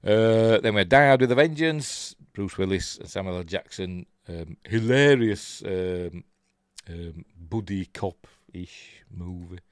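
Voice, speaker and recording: A man's voice: deep voice, unhurried, no room sound, studio quality. An older man from Yorkshire with a Yorkshire accent, hosting a rambling, chuckling casual live-stream chat and reading out viewer comments. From Yorkshire, England. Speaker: host.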